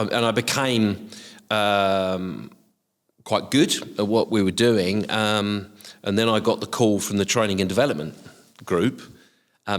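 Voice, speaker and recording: A middle-aged man with a softened Essex estuary accent and a very low voice, talking over his career in a hesitant way full of ums and restarts. The voice rings out with a long reverb tail. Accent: softened Essex estuary English. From Essex, England. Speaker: guest, HR professional. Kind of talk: casual reflective interview talk.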